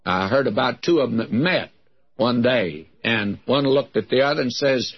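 A man's voice: mid-range voice, expressive, moderate pace, husky. A man giving a verse-by-verse Bible teaching in a folksy, wry, conversational manner. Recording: dull lo-fi recording.

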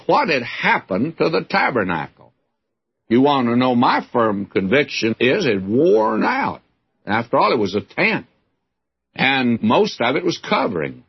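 A male Bible teacher speaks in a conversational, folksy preaching manner, leaning hard on his key words. His voice is slightly husky, and his pitch rises and falls a lot as he drives his points home. The sound is muffled and lo-fi, like an older broadcast recording. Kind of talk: radio Bible teaching sermon.

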